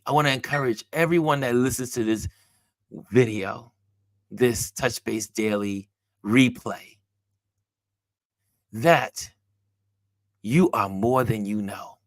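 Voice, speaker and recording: A man hosting a motivational talk, telling a personal story and acting out the dialogue with animated delivery. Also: medium pitch, measured pace, no room sound, clean studio sound. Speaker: host.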